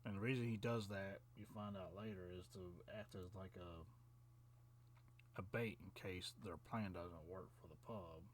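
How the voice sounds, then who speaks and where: A man recapping a film plot in loose, rambling chat, full of fillers, restarts and little chuckles. His voice sits a bit low for a man. He sounds like a casual online reviewer talking straight to his viewers. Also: steady tone, moderate pace, a little hiss or hum.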